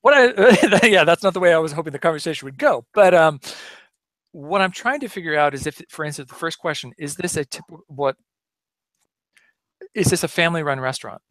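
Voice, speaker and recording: A man voicing his own character at a tabletop game, defensive and halting. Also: a little high, animated, fairly bright tone. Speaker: player. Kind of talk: in-character tabletop role-play.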